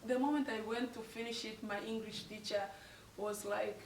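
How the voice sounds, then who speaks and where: A woman's voice: a little high, steady tone, a little slow, echoey room, far from the mic, a little hiss or hum, low-quality recording. A young woman from Tanzania telling a personal story on her vlog, emotional and apologetic, laughing through tears. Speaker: vlogger.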